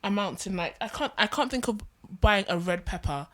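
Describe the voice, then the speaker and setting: A woman's voice: mid-range voice, normal speed. A young woman with a London accent chatting on a podcast, telling stories animatedly and acting out the people in them. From England. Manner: animated storyteller, acts out voices with laughter. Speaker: podcast co-host. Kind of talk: casual chat.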